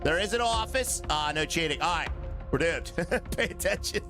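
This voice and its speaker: A middle-aged man streaming a game live, excitable and joking as he chats with his viewers. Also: fairly high pitch, moderate pace, over music. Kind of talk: live gameplay commentary.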